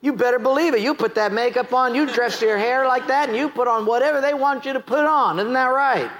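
An American man preaching a sermon, animated and joking, often asking the congregation questions. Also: very high voice, a little fast. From United States. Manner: animated, asks the crowd questions, jokes and laughs. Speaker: pastor.

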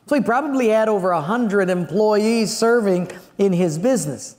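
A man's voice: high-pitched, expressive, normal speed, darkish tone. A man preaching a sermon, telling a story with animation and acting out the scenes. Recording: long hall reverb.

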